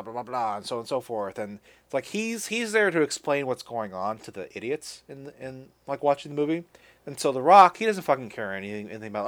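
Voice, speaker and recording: A man's voice: medium pitch, very animated, fairly quick. A man hosting a podcast, casually recapping a movie with lots of restarts and offhand swearing. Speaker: podcast host. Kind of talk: casual chat.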